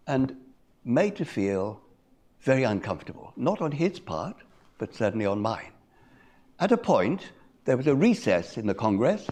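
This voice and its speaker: An older man telling a personal story at a conference, measured and reflective, with pauses. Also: mid-range voice, darkish tone. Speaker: conference speaker. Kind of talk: personal story told in a talk.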